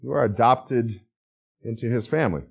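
A middle-aged male pastor delivering a sermon. He talks in an easy, conversational manner and keeps putting questions to the congregation. His voice sits at an ordinary middle pitch for a man. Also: moderate pace, creaky, breathy edge, muffled recording. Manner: conversational preaching with rhetorical questions.

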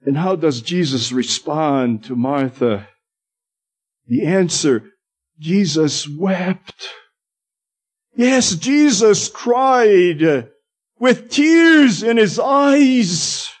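Slow, high-voiced male preacher. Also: expressive. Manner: slow, emphatic preaching with drawn-out stresses. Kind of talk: sermon.

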